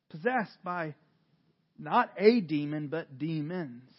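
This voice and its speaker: A man preaching a sermon, retelling scripture with dramatic swings from hushed to loud, animated storytelling. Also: on the high side, takes it slowly, breathy edge, muffled recording. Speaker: pastor.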